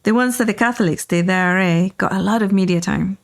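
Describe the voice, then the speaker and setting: A woman's voice: mid-range voice, fast, creaky. A middle-aged woman hosting a casual talk show, telling rambling personal anecdotes with many fillers while riding in a car. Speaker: podcast host. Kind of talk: casual storytelling chat.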